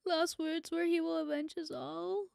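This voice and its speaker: A woman streaming her reaction to a video, her voice high with a gravelly fry, heard close and dry. She speaks slowly, swearing and laughing through tears. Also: fairly even intonation, a little mellow, no echo. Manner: emotional, swearing, laughing often. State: tearful. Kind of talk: casual live reaction.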